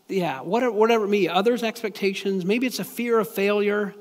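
High-voiced man preaching in a big hall. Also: fast talker, hardly any pauses. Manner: conversational, plain-spoken preaching with frequent restarts. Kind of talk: sermon.

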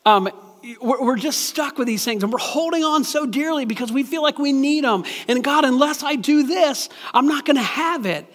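A man's voice: very high-pitched, moderate pace, in a large hall. A man preaching a sermon in a plain, conversational way, often stopping to restart his sentences.

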